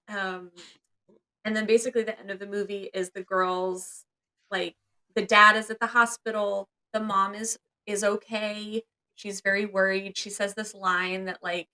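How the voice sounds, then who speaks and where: A woman's voice: medium pitch, steady tone, moderate pace, bright, forceful tone. A young woman co-hosting a podcast, chatting casually and animatedly about a movie, acting out characters' lines. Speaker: podcast co-host.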